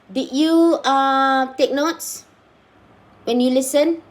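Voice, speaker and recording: A woman teaching a class, with a voice pitched a little high. She slows down to stress key points and breaks off to question her students. The delivery is a live classroom lecture. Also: steady tone.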